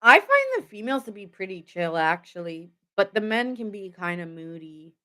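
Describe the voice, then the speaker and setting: A woman's voice: medium pitch, very animated, moderate pace, pushed and bright. A young woman giving a casual live tarot reading. She rambles, laughs often and chats with her viewers. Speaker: tarot reader.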